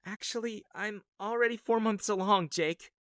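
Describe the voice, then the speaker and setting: A man voicing a soft-spoken, hopeful young pregnant wife in a raised voice. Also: sits high, normal speed, clear, resonant tone, dry recording, studio quality, voice pushed up.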